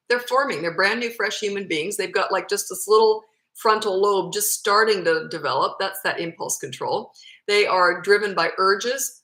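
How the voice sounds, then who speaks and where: Woman, 50s, parenting coach doing casual Q&A; bright, forceful voice, blunt delivery, roomy echo. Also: medium pitch. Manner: blunt, matter-of-fact, answers questions read aloud. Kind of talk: casual Q&A advice.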